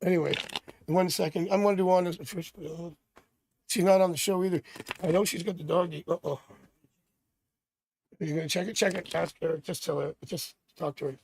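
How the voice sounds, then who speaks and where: A man's voice: high voice, steady tone, a little fast, creaky, long pauses, a little mellow, a little hiss or hum. A middle-aged man from Canada doing a live tarot reading, chatty and rambling with jokey asides. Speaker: tarot reader.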